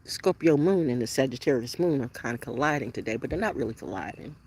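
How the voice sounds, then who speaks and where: A woman vlogger with a slightly rough voice and lively intonation tells a story quickly in an unscripted rant laced with profanity. Her delivery lurches from loud outbursts to hushed, low talk.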